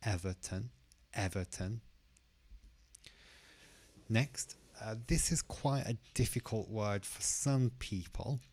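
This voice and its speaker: A man teaching English pronunciation, who says each word slowly and carefully and repeats it twice. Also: on the low side, a little mellow, slightly rough. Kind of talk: pronunciation lesson.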